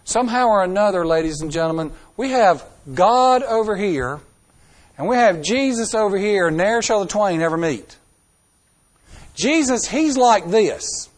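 High-voiced preacher, emphatic. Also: male voice, animated, measured pace. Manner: emphatic, dramatic swings in loudness and pace, rhetorical questions. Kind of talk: sermon.

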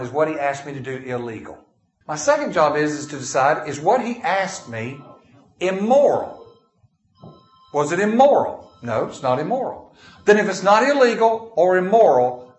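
A man's voice: on the high side, very animated, normal speed. A man preaching a sermon, telling folksy stories and reading scripture in King James wording. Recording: echoey room.

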